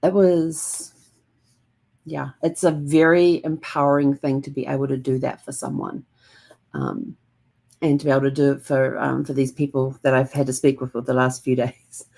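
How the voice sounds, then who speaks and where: Woman host, deep for her sex, soft-spoken and meandering, casual reflective vlog read. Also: normal speed, vocal fry. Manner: gentle and calm, rambling with many fillers.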